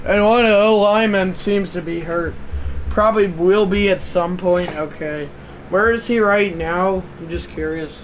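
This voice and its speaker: A man hosting a livestream, doing mock play-by-play of a football video game, bursting into loud excited calls between low offhand asides to his chat, in a room at home. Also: normal speed, poor audio. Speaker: livestream host. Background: faint fan hum.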